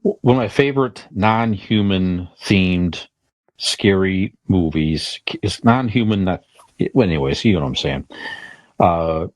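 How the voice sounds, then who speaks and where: Deep-voiced middle-aged podcast co-host. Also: male voice, animated, no echo. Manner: rambling, halting, full of restarts. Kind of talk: casual podcast chat.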